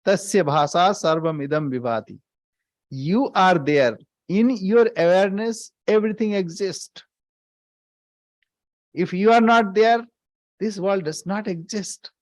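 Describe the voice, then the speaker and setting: A man, a swami, giving a scripture class, speaking deliberately, repeating key phrases for emphasis and chanting verses. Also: high-pitched, no echo.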